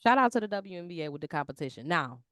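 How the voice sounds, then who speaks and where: A woman co-hosting a casual sports talk show, lively and full of slang. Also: fairly low pitch, racing, dry recording, studio quality. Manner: animated, slangy, lively talk about basketball. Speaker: podcast co-host.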